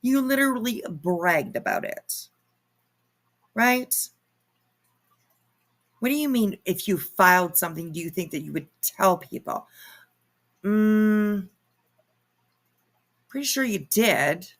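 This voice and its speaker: A woman's voice: mid-range voice, animated, takes it slowly, long pauses. A woman hosting her own commentary channel, reacting to clips in a sarcastic, mocking way and swearing freely.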